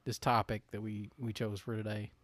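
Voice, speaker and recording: A man's voice: on the low side, flat delivery, normal speed, dry recording. A man from North Carolina co-hosting a podcast in casual chat, rambling with lots of "like" and "you know" and laughing easily. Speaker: podcast co-host.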